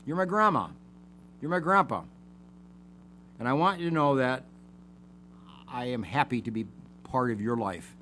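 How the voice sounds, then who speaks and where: A man's voice: mid-range voice, normal speed, pauses often, pushed and bright, slight background noise. An older man teaching a psychology lesson, making numbered points and repeating key words for emphasis. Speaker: psychology show host. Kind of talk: lecture-style teaching.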